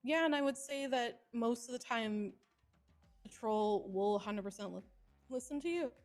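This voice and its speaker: A woman streamer playing a senior police officer, giving relaxed advice and swearing casually. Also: a little high, moderate pace.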